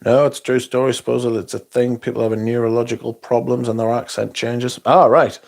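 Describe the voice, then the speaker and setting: A man's voice: medium pitch, level tone, quick pace, gravelly, mellow. A sleepy man hosting a casual livestream, reading viewer comments aloud and answering them. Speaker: livestream host.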